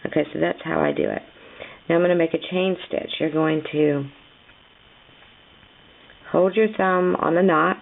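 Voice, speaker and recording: A woman walks through a crochet lesson at an easy, patient pace, chatting as she counts her stitches aloud. Her voice is heavily gravelly and fried, worn hoarse by a cold. The sound is thin and tinny, like it came over a phone. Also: low voice, steady tone, normal speed, pauses often. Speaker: crochet teacher. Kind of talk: step-by-step craft tutorial.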